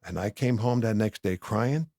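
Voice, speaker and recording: A middle-aged man tells his story as a podcast guest, his voice low and gravelly. He talks candidly and acts out the conversations he quotes. The sound is close and dry, with no room echo. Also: normal speed, dark tone. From New Jersey. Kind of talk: personal storytelling in a podcast interview. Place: podcast studio.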